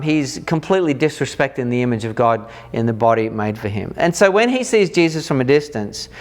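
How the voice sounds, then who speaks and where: Man teaching the Bible conversationally. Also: mid-range voice. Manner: animated, acts out reactions in lively quoted voices; informal, with fillers and restarts.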